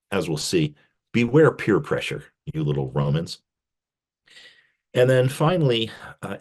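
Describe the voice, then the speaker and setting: A male professor giving a casual literature lecture, animated, with wry joking asides. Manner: animated, pitch jumping on emphasis.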